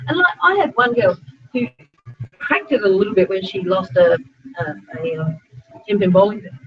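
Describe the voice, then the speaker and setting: A middle-aged Australian woman speaking as a sport psychologist, giving a chatty, animated talk to a small group of students and breaking into frequent asides. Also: mid-range voice, normal speed. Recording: dull lo-fi recording.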